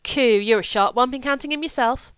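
A woman's voice: high voice, brisk, a bit bright, clean tone, dry recording, voice pushed up. A woman reading a novel, voicing a furtive little red-headed Englishman with cheeky, chummy banter.

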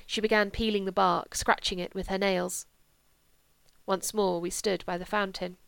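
A woman narrating a literary audiobook in a calm, measured way, dropping to a hush in quiet passages. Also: mid-range voice, vocal fry, clean tone, no echo.

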